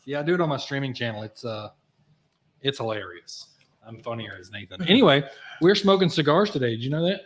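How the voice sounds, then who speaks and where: A man's voice: medium pitch, animated, fairly quick. A man hosting a podcast from a cigar lounge studio, chatting casually in a playful, teasing way. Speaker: podcast host. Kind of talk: casual chat.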